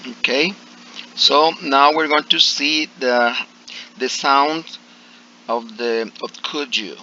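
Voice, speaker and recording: A man's voice: medium pitch, slow, sharp tone, slight background noise. A male English teacher explaining pronunciation to a class, hesitant and full of fillers and restarts, on slightly dull audio.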